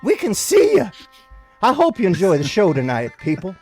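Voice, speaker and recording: Male comic doing a high, doting kids'-show host with a thick Southern drawl; overly sweet, drawn out. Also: wildly swooping pitch, normal speed, darkish tone, breathy edge, soft background music, exaggerated voice. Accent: South Carolina (put on).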